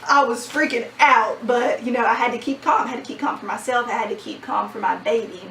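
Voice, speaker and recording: A young woman vlogger telling a personal story in a casual, animated way, laughing often. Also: a little high, a little fast, creaky, a little hiss or hum. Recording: roomy sound from a distant mic.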